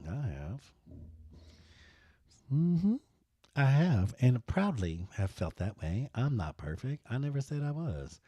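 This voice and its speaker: Sassy, animated man teaching design. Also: lowish voice, dry recording, clean studio sound. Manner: playful, sassy, talks to viewers as y'all. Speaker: design tutorial host. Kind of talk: live design tutorial.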